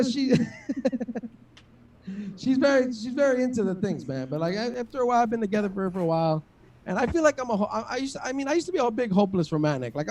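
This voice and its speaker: High-voiced rambling stand-up comic, distant. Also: male voice, darkish tone. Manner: rambling, filler-heavy, profane, self-deprecating. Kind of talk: stand-up comedy set.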